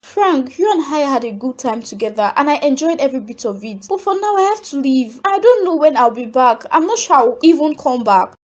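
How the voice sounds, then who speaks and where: A woman with a Nigerian accent voicing a proud young woman in an animated drama, sharp and dismissive. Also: sits high, fairly quick, hardly any pauses, muffled recording. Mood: regretful. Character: proud young woman leaving her lover.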